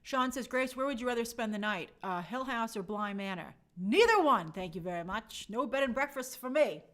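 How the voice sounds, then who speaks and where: A woman's voice: fairly high pitch, animated, moderate pace, fairly bright tone. A young adult woman hosting a casual review show, reading viewer comments aloud and acting out quotes in playful voices. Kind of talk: casual live chat review.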